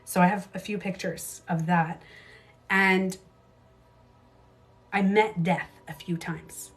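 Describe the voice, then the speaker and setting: A woman in her thirties hosting a casual livestream, telling her own stories candidly, swearing freely and jumping into quick asides. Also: on the low side, steady tone, soft background music. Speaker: beauty coach livestream host.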